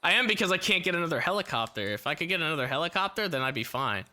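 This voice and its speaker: A man's voice: fairly high pitch, big pitch swings, racing, pushed and bright. A man streaming a role-play game, commenting in an exasperated way, swearing and laughing.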